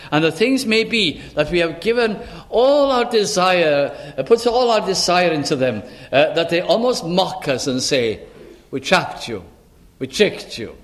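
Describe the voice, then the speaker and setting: A male minister preaching a sermon with earnest, pleading rhetorical questions and quotations in old-style scripture wording. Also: high-pitched.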